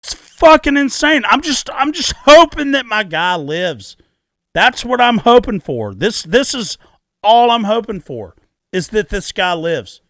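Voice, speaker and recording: A middle-aged man co-hosting a podcast, telling a story in a loud, profane way and repeating his key words for emphasis. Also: sits high, very animated, measured pace, dry recording, clean studio sound. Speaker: podcast co-host. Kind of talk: casual podcast chat. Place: podcast studio.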